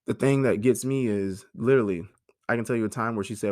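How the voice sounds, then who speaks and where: A man's voice: fairly low pitch, fast, a little mellow, no echo, studio quality. A man in his thirties hosting a personal monologue, talking in an emotional, frank way and swearing freely. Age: 30s. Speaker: podcast host.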